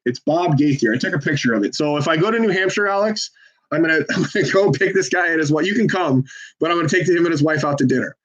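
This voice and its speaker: A fairly bright, slightly high male voice talks fast and animatedly while volunteering on a phone bank. He chats with callers and viewers on a casual livestream, joking and persuading like a salesman. The audio is dull and lo-fi.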